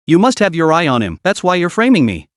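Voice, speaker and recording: A man's voice: a little high, huge pitch swings, quick pace, dry recording, studio quality. A man voicing an arrogant middle-aged woman driver who screams insults. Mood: angry. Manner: screeching, insulting.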